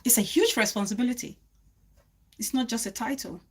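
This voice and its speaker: A woman's voice: fairly high pitch, a little fast, darkish tone, slight background noise. A woman hosting a live stream, speaking earnestly to her viewers and repeating phrases for emphasis. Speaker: livestream host.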